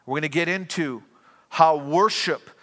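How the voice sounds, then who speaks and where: A man preaching a sermon as pastor, earnest and given to quick restarts. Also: a little high, fairly bright tone, in a large hall.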